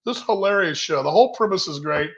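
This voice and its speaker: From his home kitchen, a man casually hosts a virtual happy hour over a video call, rambling chattily and reading viewers' comments aloud. His high voice is expressive, fairly bright and fairly quick, and the call audio is dull and lo-fi.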